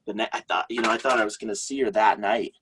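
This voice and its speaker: A man's voice: lowish voice, steady tone, quick pace, a bit bright, a little hiss or hum, poor audio. A man, a podcast guest, telling a story casually, chatty and often laughing.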